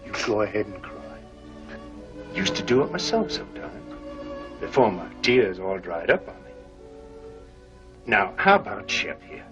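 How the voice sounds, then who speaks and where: An older actor playing a weathered, tender-hearted prospector in an old western, with folksy frontier talk. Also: male voice, on the low side, big pitch swings, unhurried, long pauses. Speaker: gold prospector. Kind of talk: 1950s film acting. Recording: dull old film soundtrack with music.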